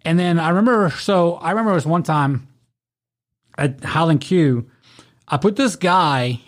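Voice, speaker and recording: A man's voice: a little high, measured pace, long pauses. A man telling rowdy, profane stories in casual chat, acting out the people he quotes. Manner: rowdy, profane, animated storytelling with acted-out quotes. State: drunk.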